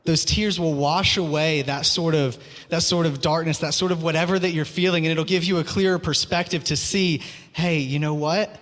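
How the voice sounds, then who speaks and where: A man's voice: on the high side, fairly even intonation, brisk, fairly bright tone. A man preaching a sermon, earnest and pleading, repeating his phrases; he also teaches school. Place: church hall. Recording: long hall reverb.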